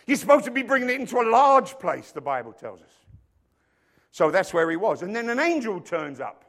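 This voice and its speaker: A man with a very high-pitched voice preaching a sermon in a church hall. He builds to loud, emphatic declarations and then drops into quiet, joking asides. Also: sing-song, brisk. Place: church hall with stage lights.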